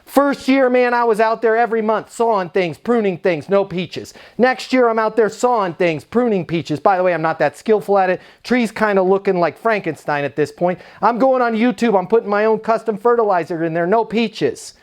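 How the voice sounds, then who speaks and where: A man giving an energetic, conversational sales talk built around a story. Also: high voice, brisk, few pauses, smooth. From United States. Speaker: sales speaker.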